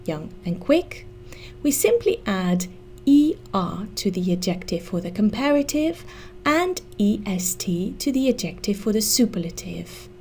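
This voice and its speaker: A woman teaching an English grammar lesson, explaining slowly and deliberately and spelling out letters. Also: mid-range voice, very animated, a little mellow, slight background noise.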